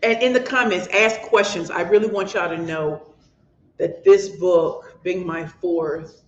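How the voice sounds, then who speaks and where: A woman's voice: fairly low pitch, steady tone, a little slow. A woman author from St. Louis with a St. Louis accent, hosting a motivational livestream in an impassioned, preachy way and calling her viewers y'all. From St. Louis, USA. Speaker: author and host. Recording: echoey, dull lo-fi room sound.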